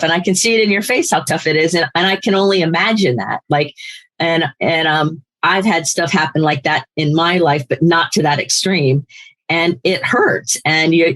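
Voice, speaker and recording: A woman's voice: sits low, a bit bright. A woman hosting a casual interview, responding with empathy and short affirmations. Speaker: interview host.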